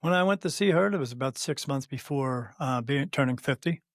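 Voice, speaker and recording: A man in his fifties, a podcast guest, telling a long personal story in casual conversation, halting with many fillers and restarts and quoting what others said. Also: medium pitch, expressive, no room sound, clean studio sound. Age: 50s. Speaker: podcast guest, spirit medium.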